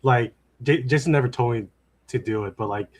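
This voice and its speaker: A man with a husky, slightly breathy voice chatting on a podcast. He speaks hesitantly, stopping and restarting, and fills his sentences with "like." His pitch sits in the middle range. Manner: hesitant, halting, many "like" fillers. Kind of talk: casual chat.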